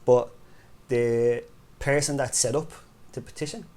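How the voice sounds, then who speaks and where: A man's voice: medium pitch, fairly even intonation, measured pace, darkish tone. A middle-aged Irish man co-hosting a podcast, telling stories in casual chat and often tagging on "right?". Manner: chatty storyteller, peppers talk with "right?" and "you know". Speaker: podcast co-host.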